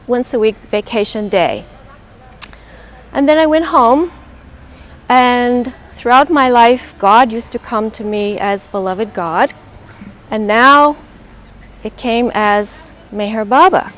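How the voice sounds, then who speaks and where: A woman's voice: a little high, slight background noise, rough recording. An older woman telling a personal spiritual story in an earnest way, acting out her own past thoughts as she goes. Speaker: interviewee.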